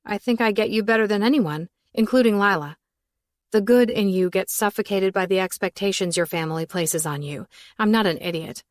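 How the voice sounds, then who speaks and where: A woman's voice: mid-range voice, brisk, dry recording. A young woman reading a first-person romance audiobook, with a wry, sarcastic narrating voice.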